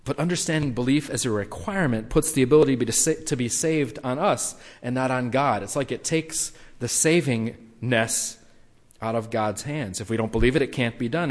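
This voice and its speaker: A man preaching a conversational sermon to a congregation, acting out quotes with lively energy. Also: medium pitch. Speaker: pastor. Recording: long reverb of a hall.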